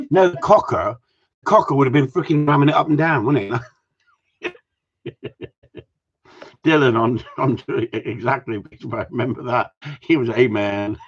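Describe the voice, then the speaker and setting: A man's voice: medium pitch, husky. A man hosting a live stream, chatting in a cheeky, sweary, rambling way that jumps between topics. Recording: dull lo-fi stream audio.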